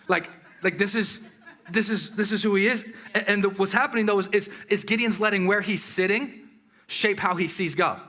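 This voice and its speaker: At a moderate pace, a man with a high-sitting voice gives a lively, conversational sermon. Exclamations and asides to the congregation run through it.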